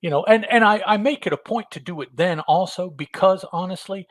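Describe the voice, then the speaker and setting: A man's voice: high voice, fairly quick, a bit bright, no echo. A middle-aged man co-hosting a podcast, chatting in an easygoing, reflective way. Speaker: podcast co-host. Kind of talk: casual chat.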